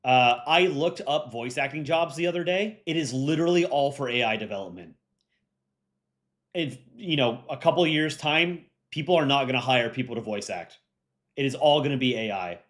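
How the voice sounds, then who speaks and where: A man's voice: mid-range voice, animated, moderate pace, a bit bright. Rambling young man hosting a livestream. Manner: rambling, chatty, many fillers. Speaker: livestream host. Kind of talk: casual livestream chat.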